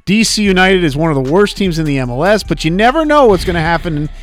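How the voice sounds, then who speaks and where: A man's voice: high-pitched, expressive, fast. A man co-hosting a sports talk radio show, chatting loosely and reading out the segment rundown.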